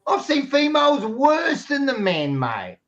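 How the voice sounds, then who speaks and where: High-voiced aussie bloke arguing hard, mate every line, dull lo-fi sound. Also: male voice, huge pitch swings, a little slow, over a noisy crowd. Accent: Australian. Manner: blunt, combative, says mate constantly. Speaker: podcast panelist. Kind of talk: heated casual debate.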